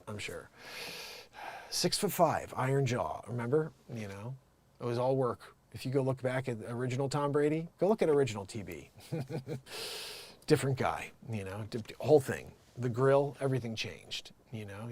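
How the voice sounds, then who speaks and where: A man's voice: medium pitch, a little mellow. A man hosting an improvised comedy news livestream. He rambles, riffs and swears casually. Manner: rambling, riffing, loose and profane. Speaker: comedy news show host.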